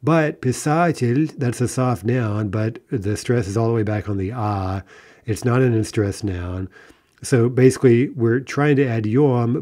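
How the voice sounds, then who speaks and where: A lower-pitched man with a mellow, dark tone talks through a grammar lesson. He explains patiently, restarts often and keeps asking "right?". He slows down carefully on each example phrase. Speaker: Russian language teacher.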